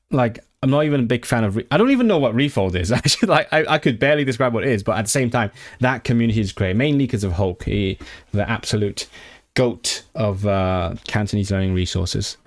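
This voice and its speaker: Chatty low-voiced male streamer. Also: animated, a little fast, dry recording. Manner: chatty, self-interrupting, sounds out foreign words. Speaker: language-learning streamer. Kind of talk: casual live-stream chat.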